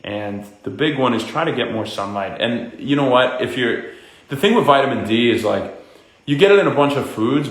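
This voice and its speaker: A man, hosting a casual wellness livestream, greeting viewers by name and giving fast, upbeat health tips. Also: mid-range voice. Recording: echoey room.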